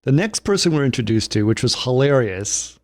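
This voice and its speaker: A man in casual film talk, recounting scenes with lots of restarts and light laughs. His voice sits at an ordinary pitch, and the sound is close and dry with no room around it. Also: expressive, brisk, darkish tone, dry recording. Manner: chatty plot retelling with frequent restarts and chuckles. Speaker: podcast co-host.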